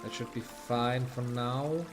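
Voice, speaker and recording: German-accented male streamer, mid-pitched, chatty and laughing, game music soft underneath. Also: fairly even intonation, takes it slowly. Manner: chatty, laughs often, thinks aloud. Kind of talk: casual gameplay commentary.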